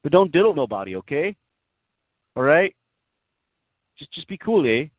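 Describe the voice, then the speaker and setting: A man's voice: on the high side, very animated, normal speed, no echo, pitched above the performer's own voice. A man voicing a brash joking Canadian priest in a put-on Canadian accent, ending every phrase with a sing-song "eh?", over a dry, tinny phone-line recording. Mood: mocking.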